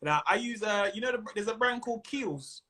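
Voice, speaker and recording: A man with a London accent talks over a video call, bright and high in tone. His delivery is lively and full of swoops in pitch. He keeps slipping into mimicked voices as he tells stories. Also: brisk. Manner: animated, slips into mimicked voices and laughs often. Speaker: comedian guest. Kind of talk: casual chat.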